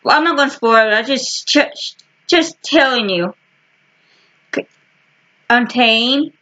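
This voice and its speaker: A woman casually showing her book collection to the camera, talking in short halting fragments with frequent restarts. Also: a little high, bright, forceful tone. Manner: slow and rambling. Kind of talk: casual chat.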